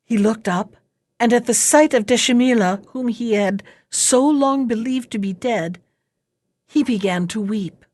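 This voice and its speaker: Slow, dry-voiced woman reading a fairy tale. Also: on the high side, a little mellow, no echo. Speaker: storyteller. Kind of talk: storybook read-aloud.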